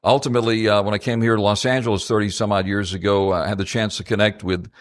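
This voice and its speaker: Low-voiced man moderating a student panel. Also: level tone. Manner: measured speaker with many fillers. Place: auditorium event.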